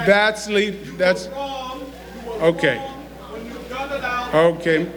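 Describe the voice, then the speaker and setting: Slow, high-voiced governor in an echoing hall. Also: male voice, crowd noise. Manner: measured and deliberate, tries to calm an interruption. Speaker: governor giving a state address. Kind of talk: formal political address. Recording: archive clip, echoey hall with clear background noise.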